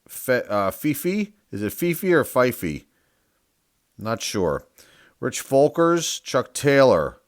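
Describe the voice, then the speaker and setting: A man's voice: on the low side, dry recording, clean studio sound. A man hosting his own channel, reading out names one by one in casual commentary and musing aloud, sometimes unsure how to say them. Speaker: sports card collector and channel host.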